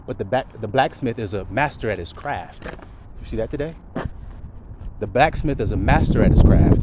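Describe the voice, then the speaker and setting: A man preaching a sermon outdoors, talking to his listeners with many rhetorical questions. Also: medium pitch. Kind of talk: street-side sermon. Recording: outdoor traffic noise.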